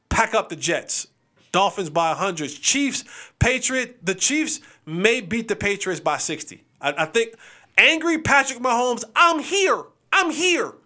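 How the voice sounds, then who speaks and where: A high-voiced man hosts a sports show and gives his game picks. He keeps it casual, animated and playful, repeating phrases for emphasis.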